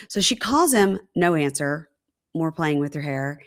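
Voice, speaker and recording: A woman co-hosting a podcast who tells a reality-show episode as an animated story in casual chat. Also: low-pitched, unhurried. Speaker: podcast co-host.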